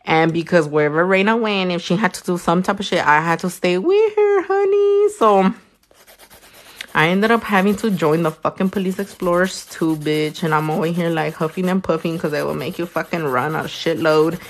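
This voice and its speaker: A young nail technician chats casually on a livestream as she works, telling animated stories, swearing freely and slipping into squeaky high voices. She talks at a normal speed.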